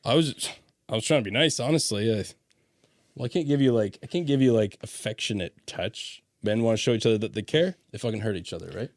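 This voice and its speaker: A man's voice: on the low side, fast talker, no echo, clean studio sound. A man hosting a podcast, chatting casually, swearing freely and telling stories with laughter. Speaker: podcast host. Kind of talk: casual chat.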